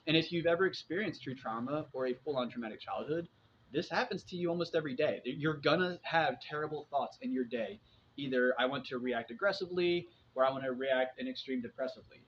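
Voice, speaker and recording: A man's voice: mid-range voice, fairly quick. A man in his forties talking in a casual, rambling monologue to his viewers, often restarting his sentences and dropping in fillers. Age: 40s. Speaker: vlogger sharing personal experience. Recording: dull lo-fi sound with faint background noise.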